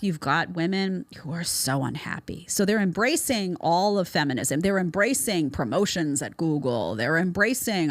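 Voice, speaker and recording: A woman's voice: fairly low pitch, animated, moderate pace, hardly any pauses, no room sound. A woman host giving a blunt, sarcastic commentary monologue, mocking the people she talks about with put-on voices. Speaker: show host.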